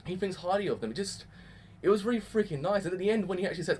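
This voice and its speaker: In a laid-back reaction review of an anime episode, a young man gushes excitedly and swears mildly now and then. He speaks quickly in a high, husky voice.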